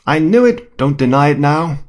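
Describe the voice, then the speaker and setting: A man doing an indignant flat-earth man. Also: a little high, moderate pace, pitched above the performer's own voice, lightly acted. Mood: accusing. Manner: put-on accent, raised and insistent.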